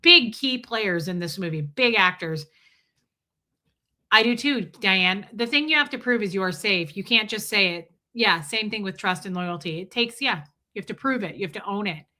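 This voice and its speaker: A woman in her forties hosts a casual livestream and talks bluntly, swearing freely and telling stories with a lot of life. Her voice is bright and sharp. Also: medium pitch, normal speed. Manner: blunt, profane, animated storytelling. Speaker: livestream host.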